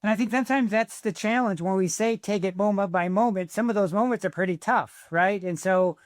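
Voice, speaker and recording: Male co-host, encouraging reflector, high voice, dry close sound. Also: brisk, no echo. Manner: encouraging, repeats "again". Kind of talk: reflective commentary.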